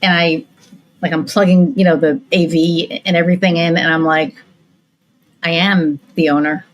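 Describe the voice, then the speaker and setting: Low-voiced woman hosting a casual chat. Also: normal speed, highs cut off. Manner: animated, swears freely. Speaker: podcast host. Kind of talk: casual conversational storytelling.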